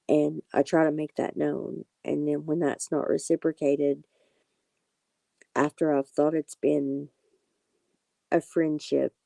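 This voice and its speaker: A woman's voice: low-pitched, gravelly, dark tone, dry recording. A woman hosting a late-night tarot live stream, chatting casually and reassuring her viewers by name.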